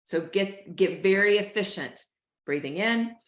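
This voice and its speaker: A woman hosting a show, calmly coaching listeners through a breathing exercise. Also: medium pitch, measured pace, reverberant. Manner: calm, coaching, addresses listeners as "y'all". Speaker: host, life coach. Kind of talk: guided breathing instruction.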